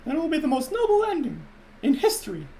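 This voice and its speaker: A man putting on a squeaky, high cartoon mouse voice with a giggling tag at the end of lines. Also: wildly swooping pitch, fast, warm tone, a little hiss or hum, exaggerated voice. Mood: chirpy.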